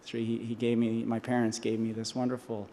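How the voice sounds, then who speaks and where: Brief: man, 40s, earnest graduation speaker, mid-pitched voice, podium mic, long hall echo. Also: monotone, fairly quick, mellow. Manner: earnest, with restarts and repetitions. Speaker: honorary doctorate speaker. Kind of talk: commencement speech. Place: large convocation hall.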